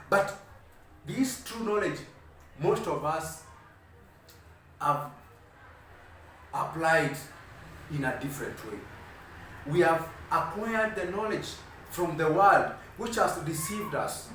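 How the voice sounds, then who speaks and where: Male evangelist, high voice, preaching style with measured scripture reading; distant mic, heavy room echo. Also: fairly bright tone, slight background noise. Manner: preaching with rising emphasis, reading scripture aloud slowly. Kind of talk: sermon. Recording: very echoey room, heard from a distance.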